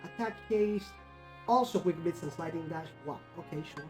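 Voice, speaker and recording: A woman's voice: fairly low pitch, normal speed, darkish tone, soft background music. A woman giving casual, wry commentary while playing through a video game. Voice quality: offhand, wry. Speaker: let's play host.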